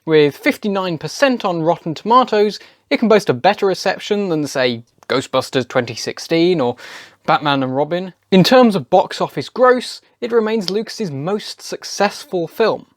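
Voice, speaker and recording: A man narrating a scripted video essay, wry and opinionated, his pitch climbing and dipping freely from line to line. The voice sits close and dry, with no room around it. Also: lively intonation, moderate pace, no room sound.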